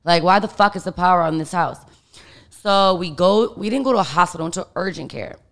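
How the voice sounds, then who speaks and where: A woman's voice: fairly low pitch, fairly quick, a bit bright. A young adult woman, an interview guest, telling a story in a candid, profane way that is packed with "like". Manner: candid, profane, heavy use of filler "like". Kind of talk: casual storytelling.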